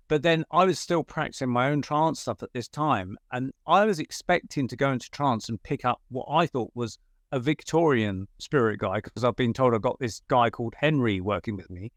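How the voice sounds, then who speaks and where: A man guesting on an interview show, telling a story in an animated, chatty way with frequent fillers and self-corrections. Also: mid-range voice, normal speed, dry recording, clean studio sound. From United Kingdom.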